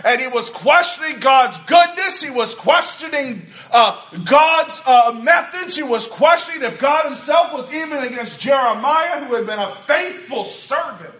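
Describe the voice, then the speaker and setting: A male pastor preaching a sermon, building to shouted emphasis on key words. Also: very high voice, animated, unhurried, few pauses.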